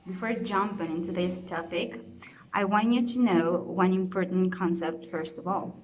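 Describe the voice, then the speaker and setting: A woman's voice: on the low side, moderate pace, heavy background noise. A young woman from Colombia with a Colombian accent, a native Spanish speaker giving a recorded class presentation in an explanatory way, often restarting her phrases. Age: young adult. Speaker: student presenter.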